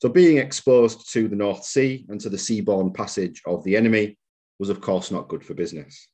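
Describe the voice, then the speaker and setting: A man giving a public history lecture as a museum lecturer, measured and reading out quotations with occasional fillers. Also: fairly low pitch, a little mellow, husky. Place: lecture room.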